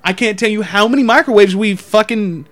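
High-voiced man telling profane stories. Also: fairly quick, soft background music. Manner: profane, animated, acts out the people in his stories. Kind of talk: casual storytelling chat.

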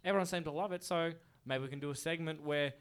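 A man co-hosting a casual podcast chat, excitable and quick to laugh. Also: on the high side, clear, resonant tone. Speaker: podcast co-host.

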